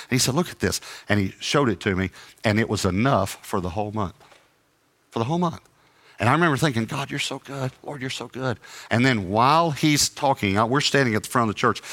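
A middle-aged man preaches, his voice fairly low yet bright and forceful. He tells a story from the pulpit and acts out both sides of the dialogue, poking fun at himself as he goes. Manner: animated anecdotes with acted-out dialogue and self-deprecating humor. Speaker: traveling preacher. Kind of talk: sermon storytelling.

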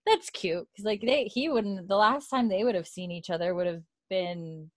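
A talkative woman, a podcast co-host, walks listeners through an episode's scenes, peppering her speech with fillers and casual swearing. Her mid-pitched voice comes through close-miked and very dry, with no echo, at a moderate pace.

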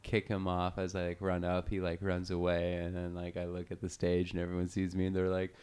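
Deep-voiced man telling a loose story. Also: completely flat delivery, a little fast, a little mellow, clear, resonant tone. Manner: loose, profane storytelling full of "like". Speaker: podcast host. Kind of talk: casual storytelling chat.

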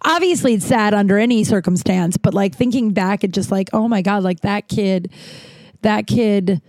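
A woman's voice: mid-range voice, normal speed, no room sound. A woman in her thirties casually telling a long personal story, rambling and swearing, with many restarts and fillers. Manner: rambling, profane, animated retelling with many likes and restarts.

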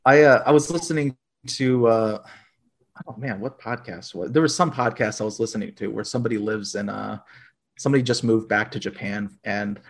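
A man chatting casually as a podcast guest, rambling and filling pauses with "like". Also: fairly low pitch. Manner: rambling, heavy use of "like" fillers. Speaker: podcast guest, dice maker. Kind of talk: casual chat.

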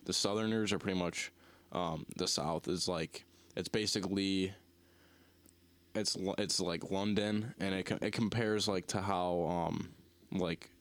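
A young man with a Northeastern US accent and a low voice talks loosely as a podcast co-host. He trails off and restarts often, and the recording is dry and close, with no room sound. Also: steady tone, dry recording. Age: young adult. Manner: rambling, halting, many restarts and fillers. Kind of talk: casual chat.

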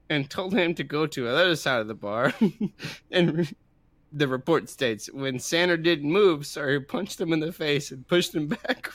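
Animated laughing podcast host. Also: male voice, medium pitch, normal speed, no room sound. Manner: animated, laughs often while reading. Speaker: podcast host running a game. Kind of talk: casual podcast banter.

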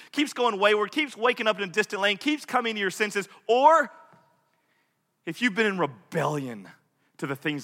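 A man preaching a sermon as a pastor, swinging between loud, lively stretches and hushed, intimate ones. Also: high voice, in a large hall.

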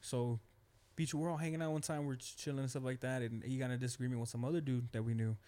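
Man, podcast host, quick talker, dark mellow tone, slangy casual chat. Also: medium pitch. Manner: relaxed slang-heavy storytelling. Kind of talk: casual conversation.

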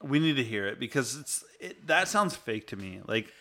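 A man's voice: mid-range voice, big pitch swings, moderate pace, bright, forceful tone, slight background noise. A man co-hosting a casual podcast game, competitive and cursing when he loses. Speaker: podcast co-host.

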